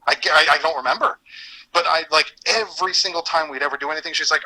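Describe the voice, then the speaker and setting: A man's voice: fairly high pitch, rapid-fire, rough recording. A man, a former voice actor, casually telling stories in an interview, laughing often and acting out quoted lines. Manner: animated, laughs often, acts out quoted dialogue.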